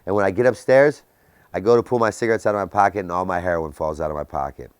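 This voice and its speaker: A man in his thirties giving an intense personal testimony about his recovery, with sudden dramatic drops to a quiet voice. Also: low-pitched, fast talker, smooth, no echo. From Baltimore area, US. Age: 30s. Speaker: recovery speaker.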